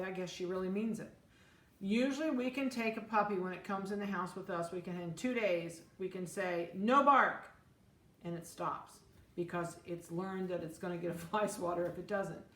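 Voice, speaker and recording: A woman's voice: medium pitch, fairly bright tone. A middle-aged woman dog breeder giving firm, direct puppy-training advice in an informal talk, repeating her key rules. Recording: echoey room with faint ambient noise.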